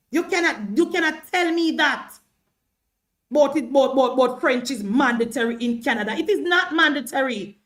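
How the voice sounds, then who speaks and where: A woman's voice: high-pitched, fairly bright tone. A Jamaican woman hosting a political livestream, arguing heatedly, repeating herself and stammering as she presses her point. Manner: argumentative, repeats herself, stammers when worked up.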